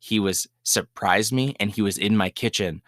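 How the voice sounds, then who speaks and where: Young man, very deep voice, casual storytelling, animated, dry close sound. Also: normal speed, dry recording. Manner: animated storyteller, acts out quoted lines in a higher voice. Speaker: podcast host.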